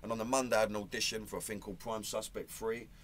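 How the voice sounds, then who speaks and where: In a casual interview, an actor with a Cockney London accent talks very fast in a lowish, fairly even voice, blunt and matey, peppering his speech with "you know" and "man." There's slight background noise.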